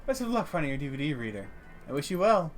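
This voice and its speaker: A man's voice: fairly high pitch, big pitch swings, quick pace, faint music behind. A man voicing a polite, shrewd female dwarf shopkeeper in a role-playing game. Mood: courteous. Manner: formal, courteous trader.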